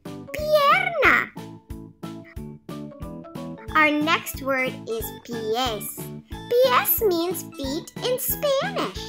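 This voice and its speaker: A woman doing a squeaky cheerful girl puppet. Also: wildly swooping pitch, very slow, long pauses, full character voice. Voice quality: sing-song, bouncy and encouraging. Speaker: teacher. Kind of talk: children's puppet lesson. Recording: children's music playing behind.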